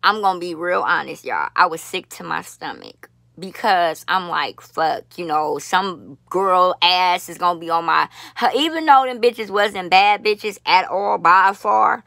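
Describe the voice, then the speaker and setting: Woman vlogger, blunt and profane, animated storyteller, bright voice, dry close sound. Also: on the low side, a little slow, gravelly, dry recording. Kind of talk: casual storytelling to viewers. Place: lives in Las Vegas.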